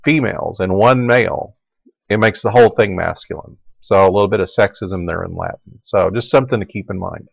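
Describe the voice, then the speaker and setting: A man giving a recorded Latin lecture, explaining grammar in a relaxed way and repeating word forms aloud. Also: lowish voice, gravelly, no echo, low-quality recording. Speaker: Latin teacher.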